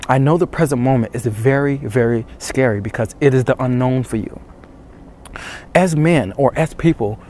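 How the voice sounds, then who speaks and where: A man giving dating advice in a hushed, intense voice, urging again and again, shivering from the cold outdoors before dawn. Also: medium pitch, a little hiss or hum. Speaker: dating coach. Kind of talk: motivational talk to camera.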